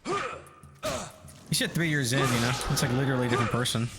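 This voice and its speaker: A man's voice: medium pitch, big pitch swings, fairly quick, over loud music. A man streaming a video game, chatting casually and profanely with his viewers in a rambling, joking way. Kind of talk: casual live-stream chat while gaming.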